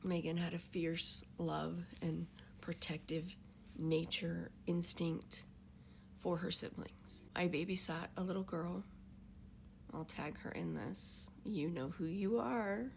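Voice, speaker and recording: An older woman, a grandmother, telling a personal story to camera in an emotional, reflective way, often dropping into soft whispers. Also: lowish voice, steady tone, takes it slowly, creaky, slight background noise. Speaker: vlogger.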